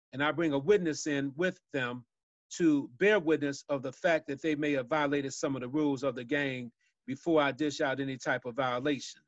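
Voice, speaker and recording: A man's voice: a little high, no room sound. Storytelling man on a dull, dry call. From Chicago. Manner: folksy storyteller, laughs at his own tales. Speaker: violence prevention guest speaker. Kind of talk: storytelling on a webinar.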